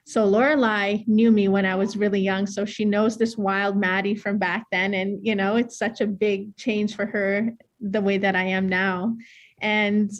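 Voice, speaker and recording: A woman's voice: mid-range voice, flat delivery, unhurried, lo-fi sound. Candid woman with a northern Saskatchewan accent. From northern Saskatchewan, Canada. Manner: candid, plain-spoken, laughs easily. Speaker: dancer and choreographer. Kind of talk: personal storytelling talk.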